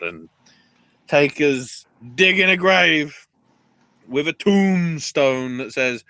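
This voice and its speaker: A man co-hosting a casual wrestling recap podcast, excitable and profane, often laughing. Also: medium pitch, slow pace, no room sound. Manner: excitable, profane, breaks into laughter and mock voices. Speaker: podcast co-host.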